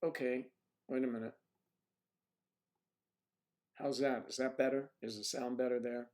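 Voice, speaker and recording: Gravelly guy hosting a livestream, keeps clearing his throat, muttering at his computer mic. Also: mid-range voice, little pitch movement, unhurried, a little mellow. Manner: frequent throat clearing, muttering to himself while checking settings. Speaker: livestream host. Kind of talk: casual livestream chat while fixing tech trouble. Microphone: computer microphone at a desk.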